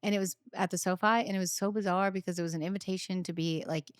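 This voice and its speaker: A woman's voice: on the low side, quick pace, no echo, clean studio sound. A woman in her thirties hosting a podcast, chatting casually and acting out the people in her stories with big voices. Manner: animated storyteller, acts out quotes loudly. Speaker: podcast host. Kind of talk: casual chat.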